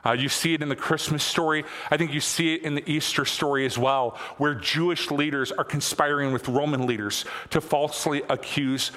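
A man in his thirties preaching a sermon in a church, talking conversationally, repeating phrases for emphasis and climbing to excited peaks. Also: on the high side, brisk, few pauses. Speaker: pastor. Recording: long hall reverb.

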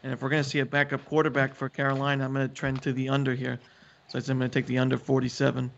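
A man's voice: mid-range voice, monotone, rapid-fire, creaky, fairly bright tone, dull audio, a little hiss or hum. A man on a betting panel explaining his pick analytically. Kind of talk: casual group chat.

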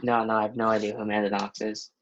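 A teenage young man chatting as a podcast guest, answering with dry, deadpan jokes. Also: fairly low pitch, rapid-fire, lo-fi sound. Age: late teens. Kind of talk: casual chat.

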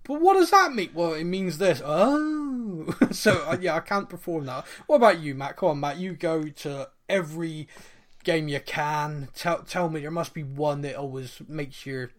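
A man's voice: fairly high pitch, steady tone, normal speed. A man co-hosting a podcast in casual chat, rambling and laughing at himself. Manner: rambling, laughing, self-deprecating. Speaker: podcast co-host.

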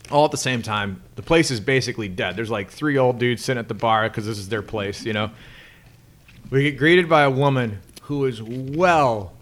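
A man's voice: medium pitch, fairly bright tone. A man hosting a podcast, telling a long story in casual chat, rambling and laughing often. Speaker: podcast host.

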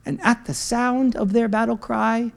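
A man preaching a sermon as pastor, swinging from loud shouts to quiet asides and dropping into slang. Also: extremely high pitch, steady tone, measured pace, gravelly. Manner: talks in slang.

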